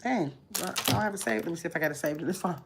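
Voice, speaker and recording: A woman hosting a casual livestream, chatting to her viewers and dropping to a low mumble while she searches her phone. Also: rapid-fire, very noisy. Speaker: livestream host.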